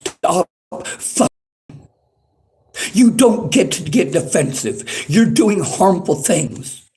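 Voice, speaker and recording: A man's voice: high-pitched, sing-song, slow, darkish tone, a little hiss or hum. Agitated man ranting, heavy swearing. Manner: angry, profane, repetitive. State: agitated, worked up. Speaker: streamer. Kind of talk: livestream rant at chat. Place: library.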